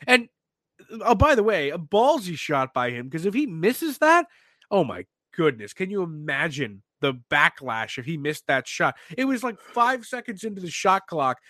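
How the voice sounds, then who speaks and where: A man hosting a sports podcast, talking in an animated, excitable way with lots of restarts. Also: a little high, moderate pace, dry recording. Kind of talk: casual sports talk.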